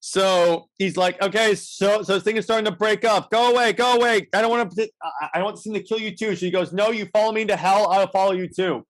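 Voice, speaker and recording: Talking fast with few pauses, this high-voiced podcast co-host recaps a comic casually. He rambles, restarts again and again, and plays out the quotes.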